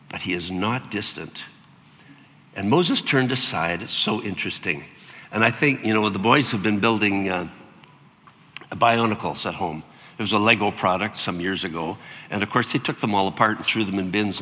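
An older man preaching a sermon as pastor, animated and acting out voices with sudden jumps in pitch. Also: in a large hall.

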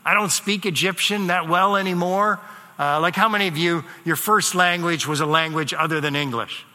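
A man's voice: high voice, moderate pace, bright, forceful tone. A man whose first language is German, preaching a sermon in a conversational way with asides and fillers. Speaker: pastor. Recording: long reverb of a large hall.

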